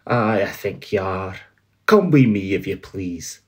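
A man with a North-East Scots accent reading the part of a gruff, miserly old male employer in a storybook. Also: sits low, animated, unhurried, full character voice. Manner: gruff, clipped growl.

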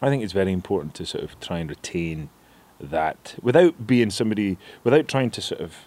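A man with a northeast Scottish accent telling stories in an interview, rambling and animated. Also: deep voice, brisk. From northeast Scotland. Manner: rambling, animated storytelling with laughs. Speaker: actor guest. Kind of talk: reflective interview chat.

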